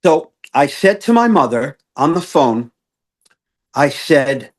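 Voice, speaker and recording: A man's voice: a little high, big pitch swings, slow pace. A man, a guest coach, earnestly telling an emotional personal story with many fillers and restarts. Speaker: guest, self-awareness coach.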